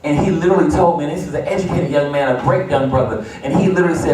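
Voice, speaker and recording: A man's voice: fairly high pitch, rapid-fire, hardly any pauses, crowd noise. A man preaching a sermon as pastor, building to emphatic repeated refrains in a church sanctuary. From United States. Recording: echoey church, distant mic.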